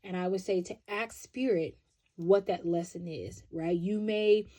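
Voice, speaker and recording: A woman giving a pick-a-card tarot love reading, chatty and expressive, often checking in with "right?". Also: lowish voice, a little slow.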